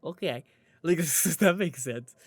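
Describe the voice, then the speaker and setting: Young male co-host, lively and foul-mouthed, high register, dry close recording. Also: brisk, no echo. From Ireland. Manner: animated, swears a lot, laughs while telling stories. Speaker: podcast co-host. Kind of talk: casual chat.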